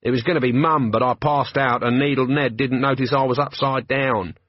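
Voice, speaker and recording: A man's voice: medium pitch, steady tone, normal speed, no room sound, highs cut off, lightly acted. A man playing a cheeky, chatty watchman who rambles.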